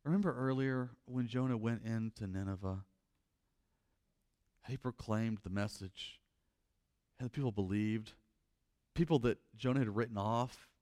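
A pastor preaching a sermon, reading scripture and commenting on it, moving between loud emphatic passages and quiet reflective stretches. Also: male voice, on the low side, a little slow, long pauses.

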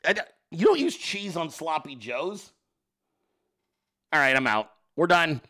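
A man hosting a livestream, talking in a loose, profane, sarcastic way straight to his audience. His voice sits a bit high and swings widely in pitch. It has a bright, forceful edge. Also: lively intonation, measured pace. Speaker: livestream host. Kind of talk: casual livestream chat reacting to viewer pictures.

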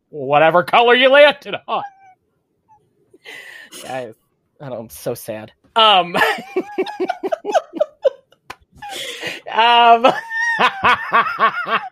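A man's voice: on the high side, no room sound, studio quality. Chatty, campy male podcast host. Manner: chatty, campy, laughs at himself. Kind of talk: solo podcast monologue.

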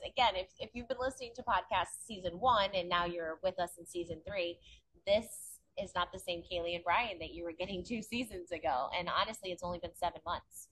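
A woman's voice: fairly low pitch, fairly bright tone, a little hiss or hum. A woman co-hosting a podcast, talking candidly and reflectively in a casual way. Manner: candid, reflective, addresses listeners directly. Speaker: podcast co-host. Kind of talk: casual chat.

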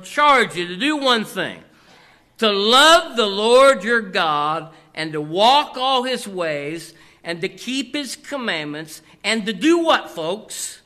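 Male pastor, high lively voice, preaching to a congregation, keeps asking questions. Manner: animated preaching, repeats "here" constantly, questions the congregation. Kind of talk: sermon.

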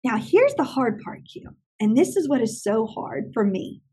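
A woman who trains teachers, telling animated stories in an interview and acting out other people's lines. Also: a little high, normal speed, breathy edge. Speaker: teacher trainer and classroom consultant. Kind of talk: conversational interview storytelling.

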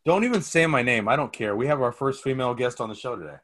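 Man, mid-pitched voice, playful, joking, casual podcast chat. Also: expressive, quick pace, fairly bright tone. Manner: playful, jokey. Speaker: podcast co-host.

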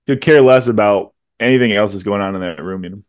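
A man's voice: on the low side, quick pace, dry recording, clean studio sound. A man co-hosting a podcast in casual chat, laughing often as he retells scenes. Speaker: podcast co-host.

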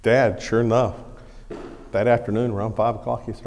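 Middle-aged male pastor, folksy and animated, gravelly tone, long church reverb. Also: on the low side, brisk, a little hiss or hum. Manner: folksy, animated storytelling with acted shouts. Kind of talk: sermon storytelling. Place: church sanctuary.

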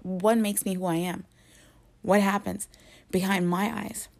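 A woman giving a motivational talk, earnest and emphatic, pausing for effect and sometimes dropping to a hushed whisper. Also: medium pitch, little pitch movement, creaky. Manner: earnest, emphatic, deliberate with dramatic pauses, drops to hushed whispers. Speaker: motivational speaker.

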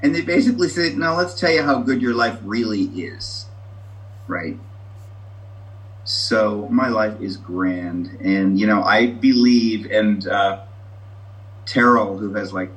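A man's voice: low voice, fairly bright tone, low-quality recording. Guy rambling through a meeting share on a call, candid, laughs at himself. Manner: rambling, candid, self-mocking. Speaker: meeting member sharing.

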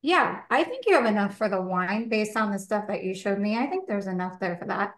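Baking at home as she co-hosts a casual podcast chat, a woman talks in a loose, chatty way, full of fillers and laughs. Her medium-pitched voice is animated and fairly quick, and the space is reverberant.

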